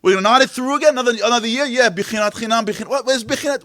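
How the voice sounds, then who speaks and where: A man giving an impassioned inspirational talk at an event, firing rhetorical questions and swinging from loud to hushed. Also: very high-pitched, rapid-fire, few pauses, dry recording, studio quality. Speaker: speaker at a Tisha B'Av event. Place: event venue.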